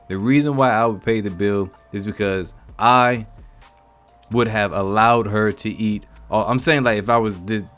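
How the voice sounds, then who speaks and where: A man hosting a reaction channel, commenting on a clip in an indignant, emphatic way and talking back at it. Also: fairly low pitch.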